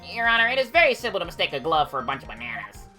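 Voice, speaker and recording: A woman's voice: on the low side, big pitch swings, very fast, pushed and bright, soft background music. A woman doing a determined young male lawyer. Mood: pressing. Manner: determined, pressing. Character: earnest young male defense attorney.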